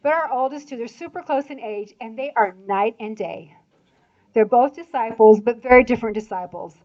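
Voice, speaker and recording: An older woman from Indiana speaks to a church audience in a chatty, animated way. She often adds laughing asides, and her voice sits fairly high. The recording sounds dull and lo-fi. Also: normal speed. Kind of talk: church talk.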